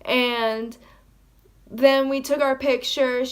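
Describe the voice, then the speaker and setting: A woman telling a story in a casual vlog, rambling excitedly with lots of "like" and acting out what people said. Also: high-pitched, takes it slowly, clean tone. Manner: acts out quoted lines in her own voice. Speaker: vlogger.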